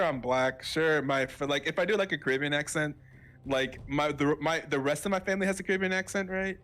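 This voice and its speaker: A man's voice: on the high side, fairly bright tone. A man from the southern United States casting an esports match in a casual, rambling way, full of fillers and self-corrections. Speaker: esports shoutcaster. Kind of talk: casual live esports commentary.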